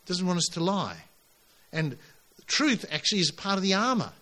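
A man preaching a sermon to his congregation, emphatic and animated, pushing his voice up on key lines. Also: sits high, normal speed. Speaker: pastor.

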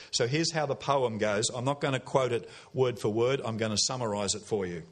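A man's voice: mid-range voice, moderate pace, hardly any pauses. An Australian man preaching a sermon in a church, folksy and conversational, with repeated phrases and questions to the congregation.

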